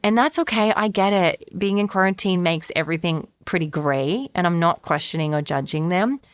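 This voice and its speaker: A woman's voice: lowish voice, moderate pace, clear, resonant tone, no room sound, clean studio sound. A woman hosting a solo podcast, talking earnestly and encouragingly to listeners as a therapist. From Australia. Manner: earnest, encouraging, repeats catchphrases.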